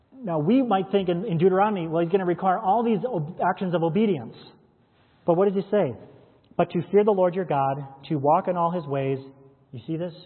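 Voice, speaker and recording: A pastor preaching a sermon, reading scripture verses aloud and explaining them with rhetorical questions. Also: male voice, fairly high pitch, slightly rough. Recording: echoey hall, tinny phone-like sound.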